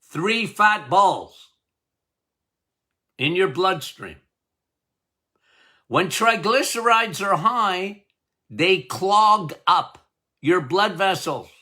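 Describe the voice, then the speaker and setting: A male doctor hosts a health podcast in a high-pitched, animated, pushed and bright voice, drawing out words and pausing often. He drives points home by emphatically repeating key words and laughs at his own jokes.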